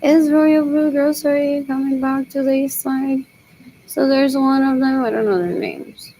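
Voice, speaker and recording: A woman's voice: sits high, fairly even intonation, unhurried, mellow, slight background noise, low-quality recording. A young woman rambling in a solo monologue, repeating herself and muttering as if to herself.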